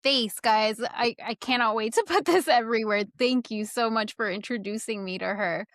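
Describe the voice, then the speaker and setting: A woman in her thirties hosting a podcast, gushing and excitable in casual chat. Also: fairly high pitch, moderate pace, dry recording, studio quality. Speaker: podcast host.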